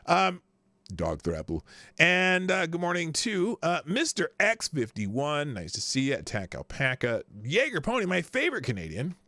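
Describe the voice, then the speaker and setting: A man's voice: a little high, wildly swooping pitch, moderate pace, pushed and bright, dry recording. A man hosting a live news stream, chatting casually, greeting viewers by name and often trailing off mid-sentence. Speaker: livestream news show host. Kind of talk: casual livestream chat.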